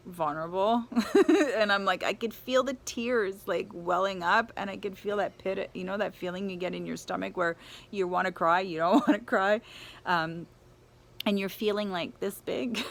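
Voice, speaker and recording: A woman telling a personal travel story, laughing often and acting out the people she quotes. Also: on the low side.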